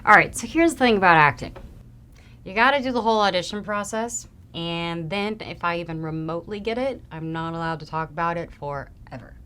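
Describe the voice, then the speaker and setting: A young adult woman answering fan questions in a casual, chatty way, often trailing off softly. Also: on the low side, a little fast, smooth. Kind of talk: casual Q&A chat.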